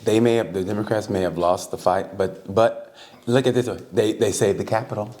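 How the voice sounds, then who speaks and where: A man's voice: fairly low pitch, a little fast. A man co-hosting a casual comedy podcast, telling stories with lots of laughter and acting out the voices of the people he quotes. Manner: animated storyteller, acts out quoted voices, laughs often. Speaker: podcast co-host.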